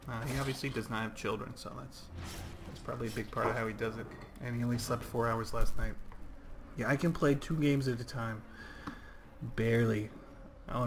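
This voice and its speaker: A man's voice: medium pitch, noisy background. Rambling man streaming a game. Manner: rambling and chatty, reading out chat. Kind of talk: casual livestream gameplay commentary.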